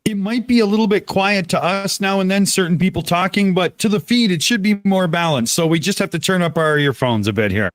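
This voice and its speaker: A male stream host with a fairly high voice who talks through the technical setup in a practical way. His sound is dry and close to the mic. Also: fairly quick, hardly any pauses, dry recording. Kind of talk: casual live-stream chat.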